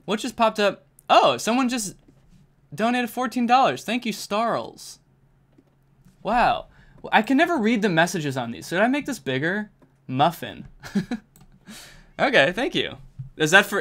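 A young man streaming a game, chatting casually and jokily to himself and his viewers, with keyboard typing behind him. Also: fairly high pitch. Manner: jokey, excitable, talks to himself and to chat.

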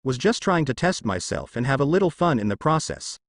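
A man playing a tall, deep-voiced fighter who answers in a curt, unbothered way, with a lively pitch. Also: a little fast, no echo, clean studio sound. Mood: bored, blunt.

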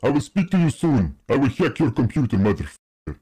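Mellow husky guy doing a menacing russian hacker on a prank call, keeps repeating threats. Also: medium pitch, sing-song, brisk, pitched above the performer's own voice. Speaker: scambaiter.

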